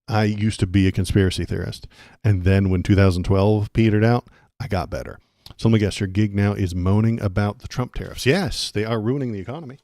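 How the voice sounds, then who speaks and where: Gravelly-voiced man hosting a political stream. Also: fairly low pitch, normal speed, dark tone, no echo, studio quality. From Texas. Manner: rambling, sarcastic, restarts often. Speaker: political livestream host. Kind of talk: casual livestream commentary.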